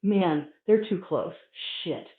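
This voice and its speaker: A man voicing two male cheetahs who chat in a low, relaxed, offhand way before a hunt. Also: slow. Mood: laid-back. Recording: tinny, roomy live recording.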